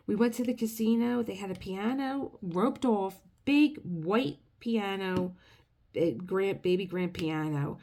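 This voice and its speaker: A woman's voice: medium pitch, moderate pace, darkish tone. A middle-aged woman telling a rambling, emotional story in a casual vlog. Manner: chatty, rambling, emotional, restarts often. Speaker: craft video creator.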